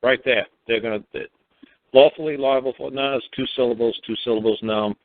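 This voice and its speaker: A man's voice: on the low side, fairly even intonation, fast, no echo. A man hosting a call-in radio show, talking bluntly and mockingly, stammering and repeating words as he presses his point. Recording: tinny phone-line sound, dry.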